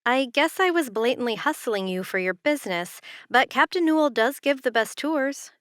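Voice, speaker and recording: A woman narrator reading a young heroine's lines, pitched a bit higher and lighter, with quick, slightly breathless replies. The tone stays smooth and clear in a dry, close recording. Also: expressive, fairly bright tone, no room sound. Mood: flustered. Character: young Canadian woman working a tour booth, flustered yet teasing.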